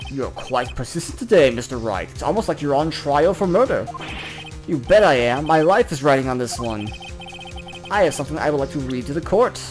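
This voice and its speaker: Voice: medium pitch, expressive. A let's player reading a courtroom game's dialogue aloud and voicing every character in turn. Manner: voices every character in turn, with quick asides. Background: game music.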